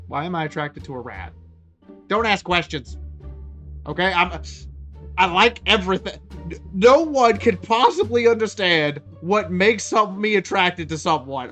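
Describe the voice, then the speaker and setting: A woman streamer reacting to memes in a loose, excitable way, swearing and riffing freely. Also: on the low side. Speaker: VTuber streamer. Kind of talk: meme reaction commentary.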